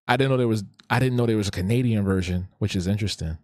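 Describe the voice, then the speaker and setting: A man's voice: on the low side, racing, darkish tone, no echo, clean studio sound. A man hosting a live drawing stream, chatting casually in a laid-back, slangy way and often repeating his phrases. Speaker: live-stream host and artist.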